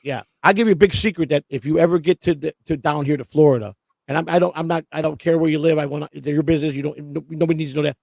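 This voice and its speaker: Male stream host, high-pitched, gravelly, rapid-fire, profane and rambling. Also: fairly even intonation, a little mellow, dry recording. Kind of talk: casual livestream chat.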